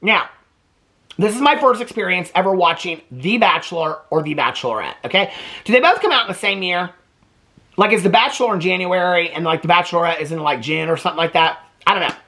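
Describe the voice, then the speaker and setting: A man's voice: sits high, quick pace. Gossipy man dishing on reality TV. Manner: gossipy and animated, peppered with "okay?" and "like". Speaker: TV reaction vlogger. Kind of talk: chatty gossip about a reality show.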